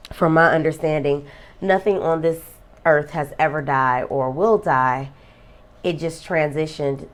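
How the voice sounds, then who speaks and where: A woman vlogger talking earnestly about a friend's death, emotional and close to tears. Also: low-pitched. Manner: emotional, tearful; reflective, earnest. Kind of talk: personal vlog talk.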